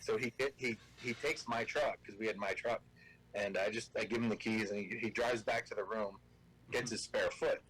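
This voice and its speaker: A man's voice: on the low side, normal speed, breathy edge, poor audio. A man telling a funny hunting anecdote as a guest on a casual show. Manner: animated anecdote teller. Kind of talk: casual storytelling.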